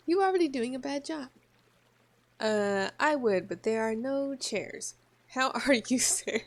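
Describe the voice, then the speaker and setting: A woman gives casual, joking commentary while she plays through a visual novel. She reads the choices aloud in a voice of middling pitch. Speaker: gaming video creator.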